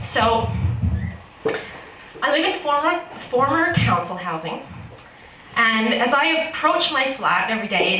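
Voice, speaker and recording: Brief: Canadian woman, high-pitched, comic storytelling, laughing often, recorded far off in an echoey, noisy room. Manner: lively, laughs often between lines. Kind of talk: humorous personal storytelling.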